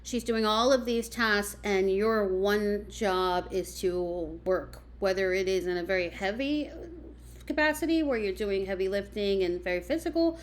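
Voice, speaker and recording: A woman hosting a commentary, calmly questioning the men in her audience and listing out household tasks. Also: medium pitch. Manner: measured, questioning, lists things out. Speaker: commentary host. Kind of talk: reaction commentary.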